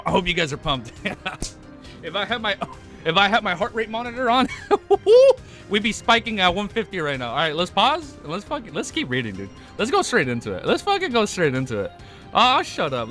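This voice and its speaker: A man's voice: on the high side, bright, forceful tone. Hyped, swearing young man streamer. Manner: hyped, swearing a lot, rambling with restarts. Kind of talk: casual live-stream chat.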